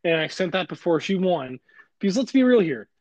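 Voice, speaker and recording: A man's voice: high-pitched, big pitch swings, brisk, darkish tone, no room sound. A young man co-hosting a casual podcast, heated and given to profane rants. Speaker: podcast co-host.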